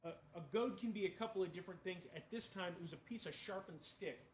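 A man's voice: sits high, fast, slight background noise. A man preaching a sermon in a conversational, emphatic way, asking the listeners questions.

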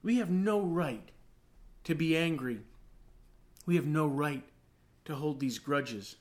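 A man in his thirties preaching a sermon as pastor, telling stories with animated, acted-out outbursts. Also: fairly high pitch, takes it slowly. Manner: animated storytelling, acts out his own rants.

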